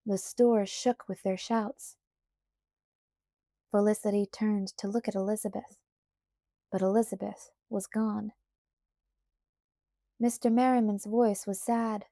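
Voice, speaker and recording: A woman narrating a children's audiobook in a calm, even storytelling voice. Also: medium pitch, slow pace, long pauses, dry recording, clean studio sound. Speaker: audiobook reader. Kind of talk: scripted narration.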